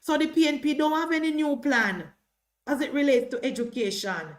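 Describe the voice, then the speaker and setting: A woman's voice: high-pitched, expressive, normal speed. A Jamaican woman giving combative political commentary on a live stream, hammering her points with repetition.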